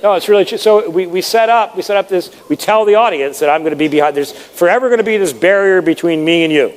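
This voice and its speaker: A man coaching an audience on presenting, talking in a lively, conversational way and stressing words to make his points. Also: high-pitched, quick pace, big-room sound. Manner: animated, conversational, demonstrates with emphasis. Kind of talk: live seminar talk.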